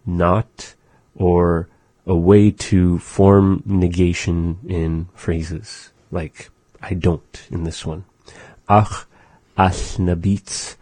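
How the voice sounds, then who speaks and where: A man with a very low, dark voice leads a language lesson from a radio studio. He speaks slowly and patiently, repeating each phrase and breaking it down. The sound is dry and close. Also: slightly rough, no echo.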